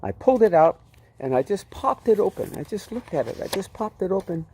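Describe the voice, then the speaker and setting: Man, fairly high voice, lively storytelling testimony. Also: brisk, a little hiss or hum. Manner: vivid, animated, repeats himself. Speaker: testimony speaker.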